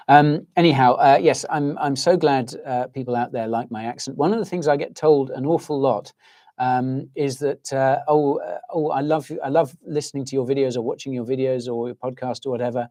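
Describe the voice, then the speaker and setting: Middle-aged English man, livestream host, dark soothing voice, rambling chatty delivery. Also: medium pitch, steady tone, fairly quick. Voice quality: soporific, soothing voice. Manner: rambling, ranting, reacting to comments. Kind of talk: casual livestream chat.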